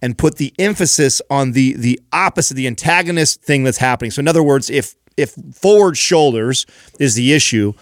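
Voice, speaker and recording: A man's voice: mid-range voice, a little fast, dry recording, studio quality. A man co-hosting a fitness podcast, explaining training tips in casual chat with frequent restarts. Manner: coaching, explains with repeated restarts. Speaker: podcast co-host.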